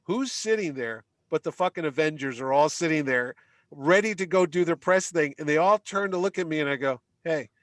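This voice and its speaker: Excitable middle-aged man telling a story. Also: brisk, dry recording, clean studio sound. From Connecticut. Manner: excitable, acts out quotes with big pitch jumps. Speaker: podcast guest telling a story. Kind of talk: animated storytelling.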